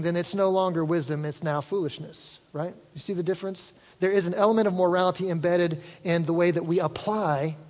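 A pastor with a high, light, slightly mellow voice preaches conversationally, pulling the congregation in with jokes. A long reverb from the large church hall follows his words.

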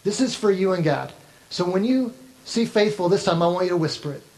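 A man's voice: high voice, fairly quick, a little mellow, low-quality recording. A man preaching a sermon as pastor, speaking earnestly and directly to his congregation.

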